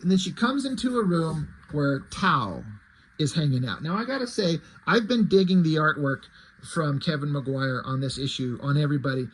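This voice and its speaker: A man's voice: a little high, animated, moderate pace, poor audio. A man casually reviewing a comic book, chatty and rambling with plenty of fillers.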